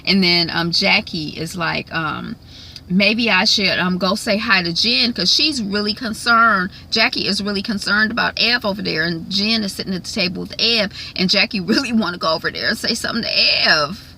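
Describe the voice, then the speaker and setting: A woman's voice: medium pitch, a little fast, gravelly, hardly any pauses, bright, forceful tone, a little hiss or hum, low-quality recording. A woman casually recapping a reality TV episode, chatty with lots of ums and frequent laughs. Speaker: recap vlogger.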